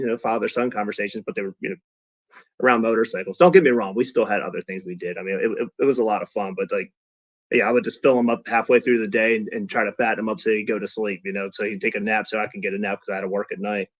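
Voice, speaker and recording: A man's voice: fairly low pitch, dry recording, highs cut off. A middle-aged man telling casual stories as a podcast guest, acting out quotes with lots of restarts. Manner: animated storyteller who acts out quotes, many restarts. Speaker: podcast guest, father of a young racer. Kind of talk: casual storytelling chat.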